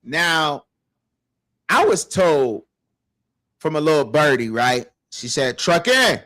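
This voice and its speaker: Excitable male sports-show host. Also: a little high, slow. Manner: animated, laughs and exclaims often. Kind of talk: casual sports talk.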